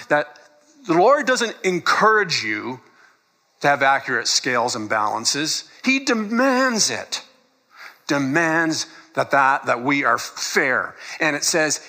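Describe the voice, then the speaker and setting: A man's voice: fairly high pitch, bright, forceful tone. A man preaching a sermon in a conversational way, laughing often and acting out quoted lines. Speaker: pastor.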